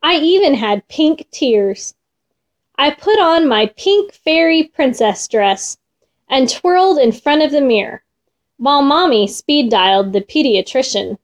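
A woman reading a children's storybook aloud in an expressive, gentle way. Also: high voice, unhurried.

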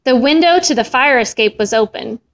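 A woman reading a children's story aloud with an expressive, melodic delivery. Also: on the high side, a little fast. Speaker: storybook reader.

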